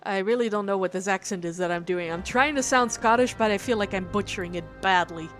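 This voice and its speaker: A woman's voice: mid-range voice, fairly quick, fairly bright tone, soft background music. Chatty woman streamer, self-mocking. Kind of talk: casual live-stream chat.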